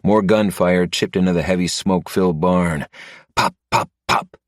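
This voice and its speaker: A man narrating a first-person story in a low, steady manner. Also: normal speed, no room sound, clean studio sound. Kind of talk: scripted narration.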